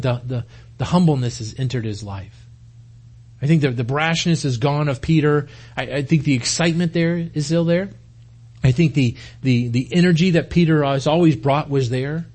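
A man's voice: fairly high pitch, normal speed, darkish tone. A man preaching a sermon in an earnest way, often repeating words as he starts a phrase. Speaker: pastor.

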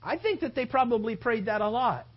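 Husky impassioned preacher, lo-fi sound. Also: mid-range voice, lively intonation, fairly quick. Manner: impassioned, rhetorical questions, swings from loud to hushed. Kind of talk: sermon.

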